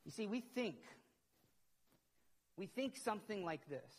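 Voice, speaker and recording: Middle-aged pastor in a reverberant hall. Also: male voice, sits high, very animated, a little slow. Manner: conversational, self-questioning, repeats words when worked up. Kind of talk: sermon.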